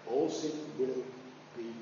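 A man preaching a sermon, animated, climbing high when he acts out voices. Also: takes it slowly, a little hiss or hum. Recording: far-off, echoey hall, dull sound.

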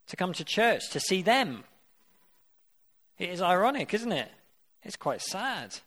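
A man's voice: high voice, very animated, moderate pace, pauses often, fairly bright tone. A man preaching a sermon. He reads scripture aloud and then puts questions directly to his listeners. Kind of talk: interactive sermon.

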